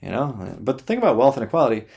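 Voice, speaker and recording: A young man delivers a blunt, sarcastic rant to camera, swearing freely. His voice sits in an ordinary middle pitch. He speaks loosely, with fillers and restarts. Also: sing-song, very fast, vocal fry, a little mellow. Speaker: YouTuber. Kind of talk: sarcastic ranting monologue.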